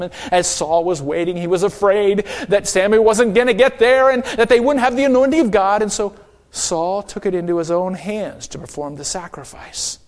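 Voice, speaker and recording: A male pastor preaching an emphatic sermon and calling out for an amen. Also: sits high.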